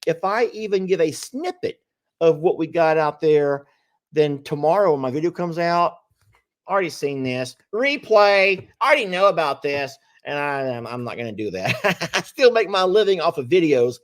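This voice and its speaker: A man's voice: fairly high pitch, expressive, normal speed. A man hosting a casual live stream, teasing and laughing often. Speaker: livestream host.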